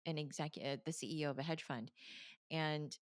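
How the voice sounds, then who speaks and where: A woman, a meditation coach, candidly telling her story in an interview, animated, laughing often and acting out her past self. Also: deep voice, a little fast, dry recording, studio quality.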